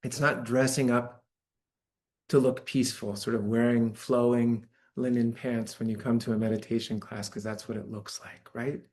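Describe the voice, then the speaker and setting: Speaking at a normal speed, this meditation teacher gives a dharma talk in a church hall before a live audience. His delivery is easygoing and chatty, with frequent check-ins, and his voice is of average pitch.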